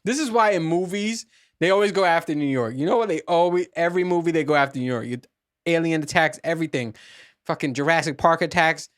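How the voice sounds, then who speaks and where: A man's voice: on the high side, fast. Profane, rambling man hosting a podcast. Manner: profane, rambling, with many restarts. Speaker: podcast host. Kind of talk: casual solo monologue.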